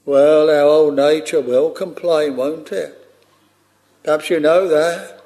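Slow, deliberate man preaching. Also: a little high, fairly even intonation, dark tone. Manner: slow, measured preaching with archaic scripture phrasing. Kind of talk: sermon.

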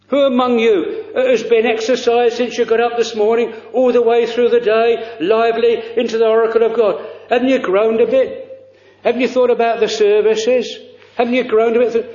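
A man preaching a sermon in earnest, halting speech, with many fillers and old-fashioned phrasing. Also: high voice, a little mellow, echoey room, dull audio.

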